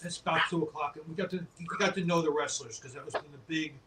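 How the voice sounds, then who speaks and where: A man guest telling relaxed stories on a casual podcast, laughing often. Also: a little high, fast talker. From New York. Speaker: guest, apparel company owner. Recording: distant mic with faint background noise.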